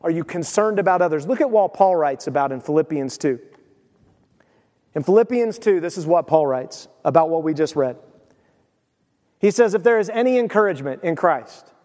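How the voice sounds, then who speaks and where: A man's voice: sits high, a little mellow. A man preaching a sermon as pastor, telling everyday stories and asking the congregation direct questions. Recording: long hall reverb.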